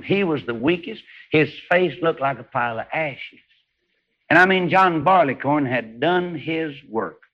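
A man preaching a revival sermon, swinging between hushed storytelling and high, shouted exclamations. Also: lively intonation, a little slow. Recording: dull lo-fi old sermon recording.

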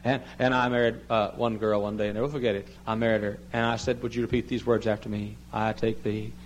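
A man preaching a sermon as pastor, pleading loudly and then dropping low and quiet. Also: level tone, fast talker, slight background noise, poor audio. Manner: impassioned preaching, swinging from loud high pleading to low quiet tones.

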